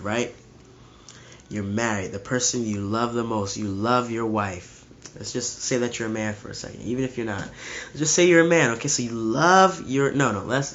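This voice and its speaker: A man's voice: mid-range voice, fairly bright tone, a little hiss or hum. A man delivering a blunt, fervent preaching monologue, repeating and restarting phrases as he builds his point. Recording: slightly muffled lo-fi recording.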